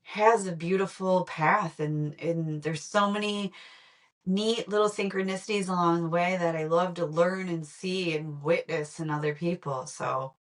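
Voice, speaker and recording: Animated, laughing woman guest. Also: on the low side, a little slow. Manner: animated, laughs often, trails off mid-sentence. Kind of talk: casual conversation.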